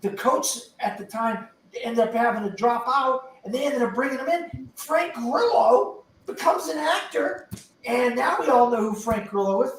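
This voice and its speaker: A man's voice: very high voice, expressive, moderate pace, a little hiss or hum. Older man rambling from far off in an echoey room. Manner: rambling, enthusiastic storytelling. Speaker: podcast panelist. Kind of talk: casual movie discussion. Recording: echoey, distant from the mic.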